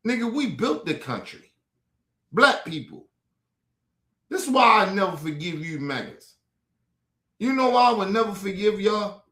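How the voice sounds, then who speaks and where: A man in the middle of a heated, profane political rant, circling back to the same points again and again. His voice sits high and leaps around in pitch, and the sound rings in an echoey room. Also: sing-song, measured pace, long pauses, bright, forceful tone. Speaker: political commentary streamer. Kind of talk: ranting commentary. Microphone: streaming mic.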